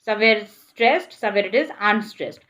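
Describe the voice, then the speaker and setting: A woman's voice: medium pitch, moderate pace, fairly bright tone. A woman explaining an English grammar lesson, patiently repeating points and spelling words out letter by letter.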